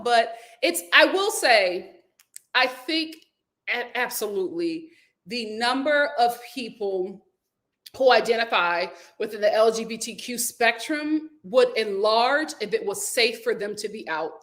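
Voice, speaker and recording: A young woman hosting a casual live stream, reading viewer comments aloud and chatting in an animated way with frequent laughter. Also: fairly high pitch, unhurried.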